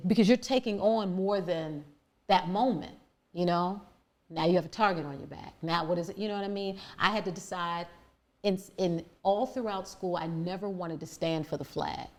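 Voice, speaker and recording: A woman with a deep voice, telling her life story as a podcast guest in an earnest, searching way with many restarts. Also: a little mellow. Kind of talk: reflective conversational storytelling.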